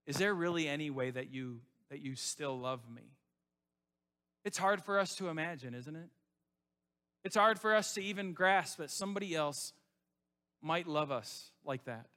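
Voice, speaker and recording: A male pastor preaches to his church, repeating phrases as he swings from loud, rising appeals down to soft, hushed lows.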